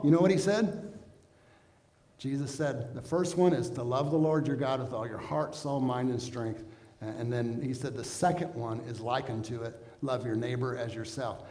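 A man's voice: fairly high pitch, moderate pace, dark tone. Man preaching in an echoey hall. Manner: earnest, conversational preaching with rhetorical questions. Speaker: pastor. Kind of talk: sermon. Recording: echoey church hall with long reverb.

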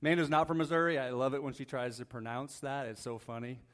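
A man's voice: mid-range voice, fairly even intonation, quick pace, a bit bright. A man preaching a conversational sermon as a pastor, reading Bible verses, often checking in with the congregation and joking lightly. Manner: casual, asks the congregation "right?" often, jokes lightly. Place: church sanctuary.

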